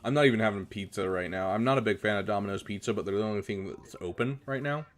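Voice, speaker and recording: Laid-back young male streamer, lowish voice. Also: fast, faint music behind. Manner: relaxed, chatty, many fillers, gives advice. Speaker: streamer reviewing viewers' game rosters. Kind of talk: casual live-stream chat.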